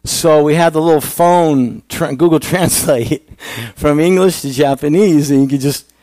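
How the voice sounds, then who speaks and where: A man's voice: fairly high pitch, a little slow, mellow, no room sound. A male pastor giving a conversational sermon, asking the congregation questions.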